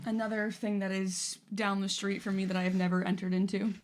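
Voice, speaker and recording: A woman's voice: mid-range voice, brisk. A woman co-hosting a podcast, chatting casually and animatedly, swearing freely. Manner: animated, swearing, slips into playful put-on voices. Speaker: podcast co-host. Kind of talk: casual chat.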